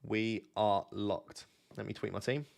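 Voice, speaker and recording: A man's voice: on the low side, fairly even intonation, measured pace, creaky, a little mellow. A young man hosting a casual late-night live stream from his bed at home, chatty and teasing as he talks to his chat. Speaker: fantasy football streamer, host.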